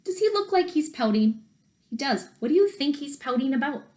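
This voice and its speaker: Lady teacher reading to little kids, slow, sounds out letters, high lively voice. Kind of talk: recorded kindergarten lesson and read-aloud.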